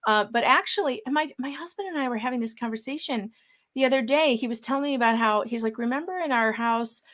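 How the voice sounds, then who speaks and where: A middle-aged woman guesting by video call in a casual interview, animated, sarcastic and quick to laugh. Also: on the high side. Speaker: guest writer.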